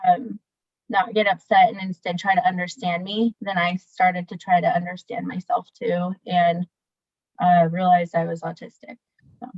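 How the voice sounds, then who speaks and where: A woman's voice: fairly low pitch, level tone, normal speed, darkish tone, no room sound. A young woman, a guest, talking candidly with lots of fillers and laughs over a video call. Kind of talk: casual interview chat. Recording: dull dry video call audio.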